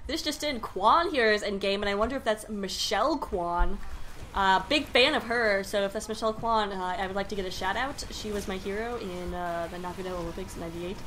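A woman's voice: mid-range voice, fairly quick, fairly bright tone, slight background noise. A woman casting a video game match, joking and riffing between plays. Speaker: esports commentator. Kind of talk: casual game commentary.

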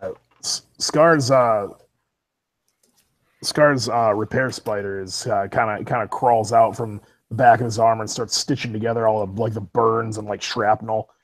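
A man playing a character in a tabletop game, describing his moves haltingly with many fillers. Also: lowish voice, fairly even intonation, no echo. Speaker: player. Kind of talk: casual tabletop play.

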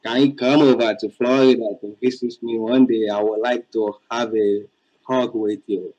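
A man's voice: mid-range voice, flat delivery, normal speed, warm tone, dull audio. Hesitant man calling her baby. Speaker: caller. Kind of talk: casual phone call.

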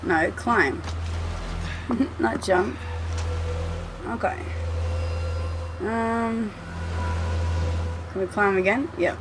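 A woman's voice: medium pitch, very slow, pauses often, over music. A woman commentating her gameplay at home, chatty and swearing freely as she talks to the game. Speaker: gameplay streamer. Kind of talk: let's play commentary.

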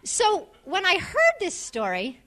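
A middle-aged woman from the United States with a New York accent, telling a comic story to an audience and acting out voices with quick asides. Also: very high voice, wildly swooping pitch, fairly bright tone.

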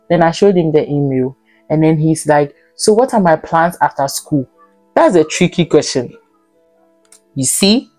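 A young woman from Ghana talks through her travel tips in a relaxed, chatty vlog. Her voice sits low and mellow, recorded close and dry, with faint music underneath. She laughs easily and jumps up in pitch when she acts out conversations. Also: a little slow, no echo. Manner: chatty, laughs often, acts out airport dialogue in a raised voice. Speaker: vlogger. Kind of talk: casual travel advice vlog.

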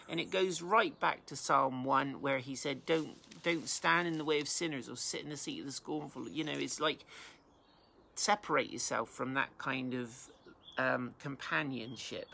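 A male pastor from England with a bright, forward tone and a gravelly edge, talking through a Bible chapter. He reads the verses out and then explains them in plain, everyday words. A faint hiss sits under the recording. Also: medium pitch, normal speed. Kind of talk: informal Bible teaching.

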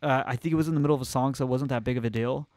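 A man's voice: mid-range voice, fairly even intonation, rapid-fire, darkish tone, no echo, clean studio sound. Laid-back young man on a podcast. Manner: laid-back storytelling, drops to a whisper in quotes. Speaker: podcast co-host. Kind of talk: casual reaction chat.

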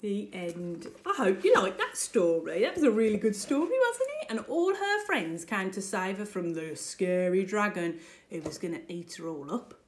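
A woman primary school teacher reading a picture book aloud to children with expressive storytelling. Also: medium pitch. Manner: expressive, slow and deliberate storytelling.

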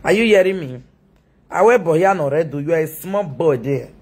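A woman's voice: sits low, lively intonation, normal speed, darkish tone, breathy edge. A Nigerian woman ranting mockingly on a live video, scolding and laughing often.

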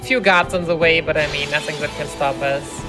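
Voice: mid-range voice, steady tone, brisk. A co-commentator explaining game strategy during a live speedrun, with the odd false start. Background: game music.

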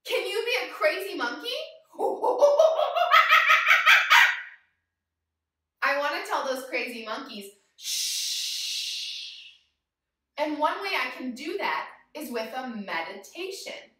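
A woman's voice: high-pitched, very animated, moderate pace, few pauses, pushed and bright, heavy reverb, distant mic. A woman leading a playful yoga lesson for young children, talking straight to them in a sing-song way. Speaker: kids yoga teacher.

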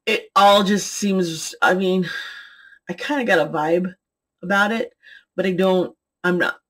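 A woman's voice: fairly low pitch, fairly even intonation, measured pace, fairly bright tone. A middle-aged woman talking to her viewers in a rambling, chatty vlog, giggling and jumping between topics as she reviews lipstick. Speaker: beauty and tarot vlogger. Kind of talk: rambling casual vlog chat.

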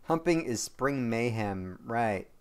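Slow-talking male game streamer. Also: mid-range voice, expressive, clean tone. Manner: chatty, rambling, talks to viewers; jokey, quick to apologize. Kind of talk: live gameplay commentary to chat.

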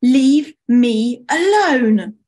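An excitable, hot-headed little boy from a picture book, bright and eager, his voice climbing high when he gets worked up, as a woman storyteller puts him on. He talks slowly and carefully to young listeners. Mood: upset. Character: little boy season, excitable and quick-tempered.

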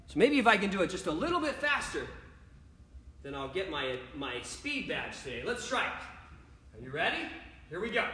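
A man's voice: sits high, sing-song, normal speed, pushed and bright, heavy reverb. A man coaching a children's home gymnastics workout, upbeat and playful, talking straight to the kids watching. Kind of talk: kids' home workout lesson.

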